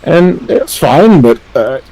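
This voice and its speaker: A man's voice: a little high, expressive, unhurried, mellow, poor audio. A young man chatting casually on a livestream, telling a rambling family story full of fillers and laughter.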